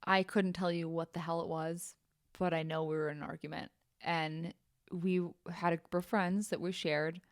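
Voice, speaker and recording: A woman's voice: lowish voice, flat delivery, normal speed, no echo, studio quality. A young adult woman hosting a podcast, telling a personal story frankly and bluntly, swearing casually and saying "like" often. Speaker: podcast host.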